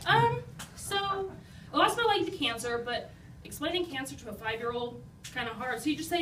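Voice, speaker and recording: High-voiced young woman, self-deprecating comic storyteller, picked up from afar in a roomy, noisy space. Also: lively intonation, brisk, a bit bright. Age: young adult. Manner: self-deprecating, chatty, lots of "like" and "you know". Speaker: speaker telling life stories to an audience. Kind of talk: humorous personal storytelling. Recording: roomy, distant mic, noisy.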